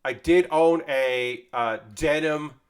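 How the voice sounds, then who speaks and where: A man's voice: fairly high pitch, takes it slowly, smooth. Rambling man chatting on a livestream. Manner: rambling and chatty, with swearing and mock quotes. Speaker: livestream host. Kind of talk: casual livestream chat while building a model kit.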